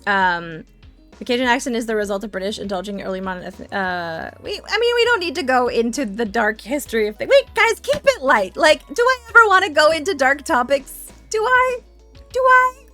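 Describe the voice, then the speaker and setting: A woman's voice: on the high side, very animated, brisk, a bit bright, faint music behind. A young woman from Louisiana, chatting casually with her live-stream chat, full of fillers, restarts and giggles.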